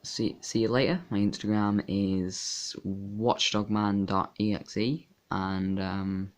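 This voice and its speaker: Young man, low voice, casual rambling, halting with fillers, hobby video talk. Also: flat delivery. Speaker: card game youtuber. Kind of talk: casual deck profile talk.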